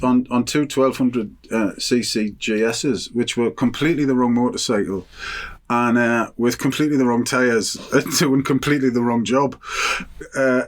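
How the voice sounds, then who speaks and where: A middle-aged man, a podcast guest, telling travel stories in a rambling, laughing way with lots of restarts. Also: medium pitch. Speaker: podcast guest, TV cook and biker. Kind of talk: casual anecdote telling.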